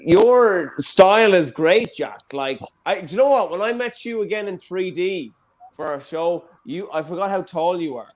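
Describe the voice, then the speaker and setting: A man hosts a comedy show over a video call, cracking jokes and bantering with his guests. His voice is slightly high and swings up and down a lot as he talks. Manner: animated, joking, quick asides.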